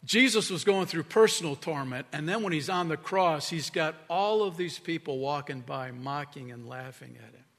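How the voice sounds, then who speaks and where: A man preaching a sermon as pastor, earnest, sometimes dropping to a hushed tone for emphasis. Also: on the high side, expressive, moderate pace, creaky, hardly any pauses. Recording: reverberant hall.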